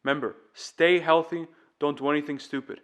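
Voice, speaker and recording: A man's voice: a little high, fairly even intonation, brisk, fairly bright tone, clear, resonant tone. A man teaching singing, explaining vocal tips step by step in an earnest, demonstrative way. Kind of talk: casual vocal tutorial.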